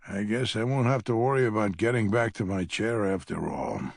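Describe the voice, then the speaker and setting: A man's voice: fairly low pitch, normal speed, creaky, few pauses, no room sound, studio quality. A man narrating an audiobook in the first person, with a wry, grumbling manner.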